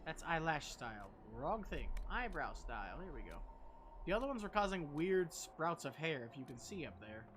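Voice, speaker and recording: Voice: medium pitch, sing-song, normal speed, fairly bright tone, slight background noise. A game streamer giving casual, joking commentary with plenty of swearing and self-deprecating asides.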